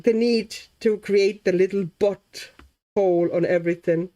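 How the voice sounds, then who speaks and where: A woman from Latvia hosting a relaxed livestream, chatting easily, reading comments, and thinking aloud as she colours. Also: mid-range voice, unhurried. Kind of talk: casual livestream chat.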